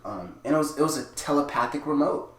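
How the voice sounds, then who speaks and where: A young man co-hosting a casual podcast, telling stories in a rambling way, full of "like" and quick laughs. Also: fairly high pitch, lively intonation. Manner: rambling storytelling, heavy "like" filler, laughs often. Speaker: podcast co-host. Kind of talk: casual chat. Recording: echoey room with faint ambience.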